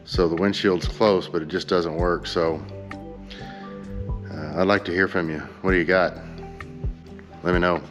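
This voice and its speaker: A man's voice: sits low, fairly even intonation, measured pace, long pauses, in a large hall, over loud music. A man hosting a motorcycle vlog, talking casually and earnestly to his viewers and asking them for advice. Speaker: motorcycle vlogger. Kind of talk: casual chat to camera.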